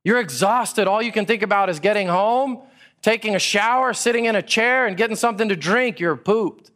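A man preaching a sermon, with a voice that sits a little high for a man. He gets animated as he reads scripture, then plays out in casual chat what people would think. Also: moderate pace. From Texas. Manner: animated, acts out listeners' thoughts in casual paraphrase. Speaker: pastor.

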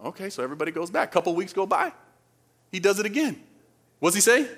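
Conversational male preacher, high voice. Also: very animated, fast talker, a bit bright. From Dominican Republic. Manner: conversational, asks the crowd questions. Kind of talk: sermon.

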